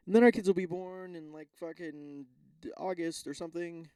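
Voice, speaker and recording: A man's voice: on the high side, steady tone, moderate pace, warm tone, clean tone, no echo. A young man hosting a solo podcast, chatting casually and rambling, swearing often and stumbling as he reads text aloud. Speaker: podcast host.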